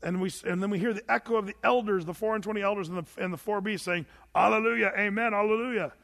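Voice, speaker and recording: Man, pastor, fairly high voice, casual Bible study sermon, stumbles and repeats words, long church-hall reverb. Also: fairly even intonation. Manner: informal, repeats words, reads scripture aloud slowly.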